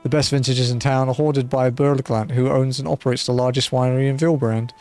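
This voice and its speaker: A man's voice: medium pitch, steady tone, brisk, darkish tone, faint music behind, natural voice. A man voicing a blind retired male mercenary turned wine merchant who speaks in a courteous, old-fashioned formal way, reading game dialogue aloud. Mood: genteel.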